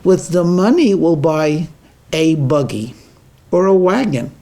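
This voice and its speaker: A man acting out an ambitious village husband, full of schemes and pushing every plan further. The voice sits high and stays insistent. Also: lively intonation, takes it slowly, mellow. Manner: insistent, grandly planning, bursts into anger.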